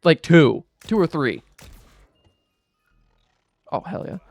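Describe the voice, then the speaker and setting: A man's voice: fairly high pitch, lively intonation, takes it slowly, dry recording, soft background music. A young man telling a rambling, aggrieved storytime rant while gaming, swearing and restarting his sentences often. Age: young adult. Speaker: gaming vlogger.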